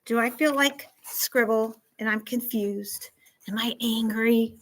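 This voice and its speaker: A lively school counselor teaches a class of fourth graders, acting out scenarios and asking the students questions. Her voice is a little high and she takes things slowly, though the recording is low quality.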